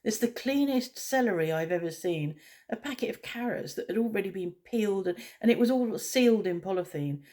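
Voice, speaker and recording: A woman's voice: mid-range voice, expressive, a little fast, warm tone. A woman vlogger talking in a casual, rambling way, blunt and opinionated.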